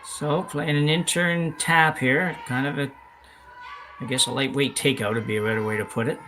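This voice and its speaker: A man calling a curling game with relaxed, rambling chat, often correcting himself. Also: medium pitch, moderate pace, slight background noise, low-quality recording. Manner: chatty, rambling, self-correcting. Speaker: curling commentator. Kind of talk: live sports commentary, casual chat. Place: curling club, indoors.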